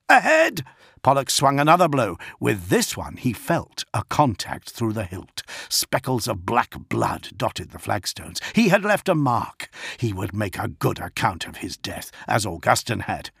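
A man narrating an action audiobook in an intense, expressive way. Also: mid-range voice, slightly rough, no echo, studio quality.

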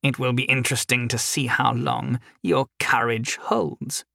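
A man voicing a creepy, pale male elf who speaks slowly and softly with quiet menace in a storybook reading. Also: mid-range voice, level tone, gravelly, dry recording, clean studio sound, heavily acted. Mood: menacing. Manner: slow, soft, creepy.

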